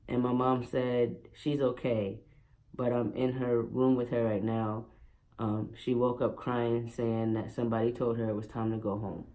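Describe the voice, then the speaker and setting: A man's voice: medium pitch, level tone, moderate pace, darkish tone. A young man vlogging at home, telling a personal story in a candid, emotional way with many fillers.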